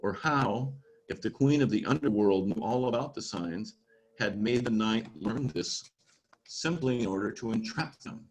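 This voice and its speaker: A man's voice: lowish voice, moderate pace, slight background noise, rough recording. A man at a church gathering teaching casually about a storybook, explaining as he goes and reading passages aloud. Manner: informal, explains as he goes, with fillers.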